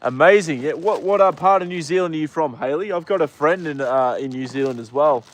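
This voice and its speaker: Outdoors with his horse, a young Australian man hosts a casual livestream, greeting viewers by name and using lots of fillers. His voice is a little high and his pace is brisk.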